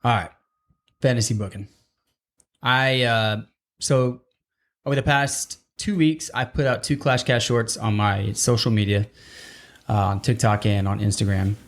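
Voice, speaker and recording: A man's voice: on the low side, fairly even intonation, unhurried, long pauses. A man hosting a casual wrestling podcast, talking in long, rambling, digressive stretches. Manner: rambling, digressive, restarts often. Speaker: podcast host.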